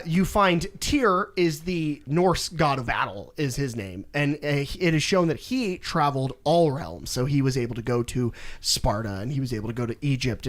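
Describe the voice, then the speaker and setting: A young male co-host on a casual podcast brings a video game story to life, acting out each character's lines with animation. His voice is on the high side and a little bright.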